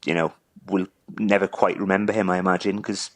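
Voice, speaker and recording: Halting, choked-up man. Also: deep voice, steady tone, no room sound, rough recording. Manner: halting, repeats words, chokes up. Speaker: interviewee, neighbour telling a story. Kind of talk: emotional phone interview.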